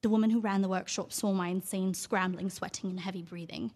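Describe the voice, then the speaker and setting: A woman's voice: medium pitch, fairly even intonation, brisk, darkish tone, in a large hall, pitched below the performer's own voice, lightly acted. A woman performing a neurotic young woman in a theatre monologue, with a British accent and a breathless, confessional manner. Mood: rising panic. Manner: breathless, confessional, spiralling panic.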